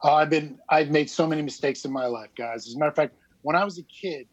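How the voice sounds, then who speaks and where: High-voiced New Jersey man in his fifties. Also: fast, husky, no echo. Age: 50s. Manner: candid, self-deprecating, laughs often. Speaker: podcast guest. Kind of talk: casual storytelling.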